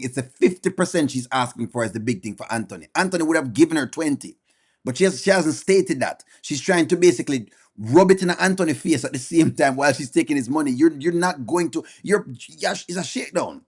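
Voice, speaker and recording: A man's voice: on the high side, lively intonation, a little fast, darkish tone, breathy edge. Blunt man commenting live. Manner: blunt, addresses chat viewers by name; emphatic, repeats points. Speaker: host of a reaction stream. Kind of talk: casual commentary.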